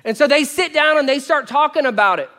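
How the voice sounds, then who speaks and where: A male pastor preaching a sermon, with animated storytelling that swings between loud bursts and quiet asides. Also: very high voice, brisk.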